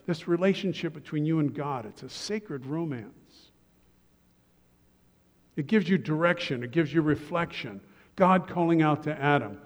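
Pastor with a slightly high voice in a reverberant hall. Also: male voice, normal speed, highs cut off. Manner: relaxed, joking asides to the congregation. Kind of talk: sermon. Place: church sanctuary.

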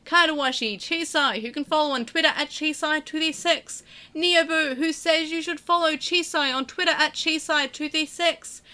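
A pushy, fast-selling auctioneer, as a woman puts it on, pitching every line like a lot for sale. The voice sits high and sounds bright and cutting, drawing out words in a salesy sing-song. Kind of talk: podcast sign-off read in a put-on voice.

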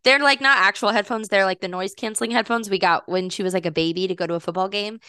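A woman in her thirties co-hosting a podcast, telling stories with animated quoting and frequent laughter. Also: medium pitch, fast talker, smooth, no room sound, studio quality. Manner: animated storyteller, acts out quotes, laughs often. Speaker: podcast co-host. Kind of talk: casual podcast chat.

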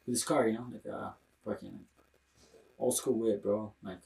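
Gravelly young man, roomy off-mic sound. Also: on the low side, steady tone, moderate pace, mellow, far from the mic. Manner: rambling with many fillers, slangy and profane. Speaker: podcast co-host. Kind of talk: casual podcast chat.

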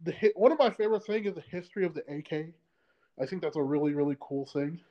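A man's voice: a little high, quick pace, lo-fi sound. A man co-hosting a podcast in casual chat, rambling with many fillers and restarts. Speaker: podcast co-host.

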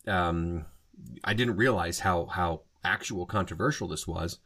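A man's voice: low-pitched, a little slow, fairly bright tone. A man hosting a solo podcast in a casual monologue, rambling and often stopping to rephrase and correct himself. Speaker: podcast host.

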